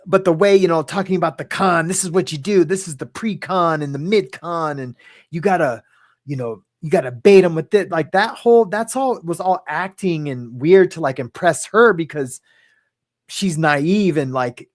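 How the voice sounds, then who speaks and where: A man's voice: on the high side, normal speed. A man hosting a casual talk show, rambling and hesitant, with lots of fillers and restarts and some casual swearing. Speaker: podcast host. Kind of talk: casual chat.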